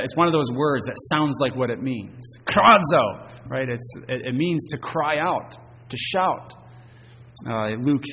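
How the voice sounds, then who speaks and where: A man's voice: mid-range voice, slight background noise. Earnest male preacher in a reverberant hall. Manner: earnest preaching, rising to emphatic stresses and dropping soft at phrase ends. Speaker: pastor. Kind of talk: sermon. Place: church sanctuary.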